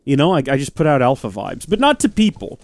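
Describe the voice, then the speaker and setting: A man's voice: medium pitch, sing-song, fast talker, darkish tone, no echo. A man hosting a let's play, talking casually over the game with rambling, self-deprecating commentary.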